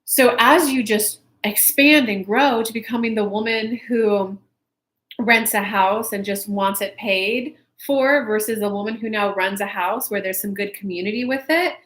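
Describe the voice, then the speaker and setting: A woman in her thirties hosting a casual live chat for her viewers, telling stories in an animated way with swearing and laughter. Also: medium pitch, moderate pace. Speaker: spiritual coach and channel host. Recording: echoey room.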